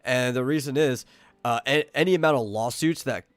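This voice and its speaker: A man's voice: mid-range voice, normal speed, dry recording. A man co-hosting a casual online talk show, chatty and opinionated, often repeating words as he starts. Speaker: podcast co-host. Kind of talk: casual chat.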